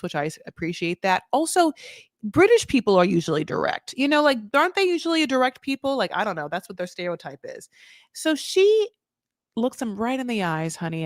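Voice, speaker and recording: A woman hosting a comedic recap of a reality show, talking in an animated, jokey way, laughing often and acting out what people said. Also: lowish voice, no room sound, studio quality.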